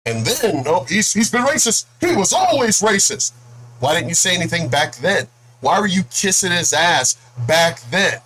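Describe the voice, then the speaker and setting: A man's voice: high voice, sing-song, moderate pace, a bit bright, slight background noise, low-quality recording. Angry man ranting. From El Paso, Texas. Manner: angry, profane, mocking. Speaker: video blogger. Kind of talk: political rant to camera.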